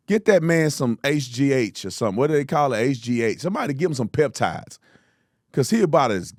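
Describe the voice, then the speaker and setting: A man hosting a reaction show, mocking the clips he plays in a loud, animated way. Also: mid-range voice, a little fast, no echo, studio quality. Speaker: host. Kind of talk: reaction commentary.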